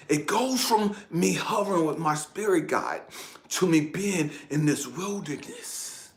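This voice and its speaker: A man giving an emotional personal testimony, dropping to hushed whispers and then breaking into shouted outbursts as he talks straight to the viewer. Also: a little high, animated, a little slow, slight background noise. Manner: addresses the viewer directly, urging them to stay with him. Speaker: spiritual channel host.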